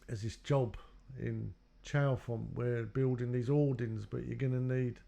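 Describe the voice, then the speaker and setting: Unhurried and steady, a man with a warm, creaky, medium-pitched voice tells stories from his own life. He rambles loosely and reenacts what others said to him.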